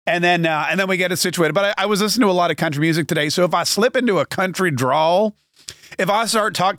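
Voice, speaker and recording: Man, talk show host, high-pitched, joking, rambling, dry close sound. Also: a bit bright, no room sound. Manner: joking, chatty, rambling with self-corrections. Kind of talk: casual podcast monologue.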